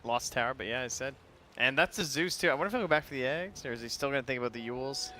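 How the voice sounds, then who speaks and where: A man with a bright, forceful voice breaks down a live esports match. He reasons aloud about picks and item choices, weighing options with small hedges. A faint noise sits underneath. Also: mid-range voice, quick pace. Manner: analytical, thinks aloud with hedges. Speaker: esports analyst commentator. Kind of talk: analytical game commentary.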